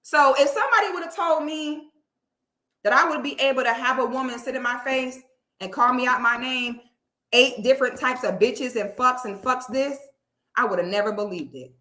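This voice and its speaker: A woman's voice: high-pitched, moderate pace, sharp tone, echoey room. A woman in a heated talk to camera, emphatic and profane, ranting with rising intensity. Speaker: online commentator.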